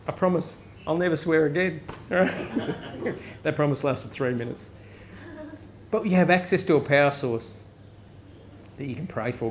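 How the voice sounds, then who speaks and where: A man with an Australian accent preaching a casual, joking sermon at a live chapel service, often tossing in a quick "right?" to the crowd. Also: on the high side, slight background noise. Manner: conversational, joking, frequent "right?" asides. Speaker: pastor.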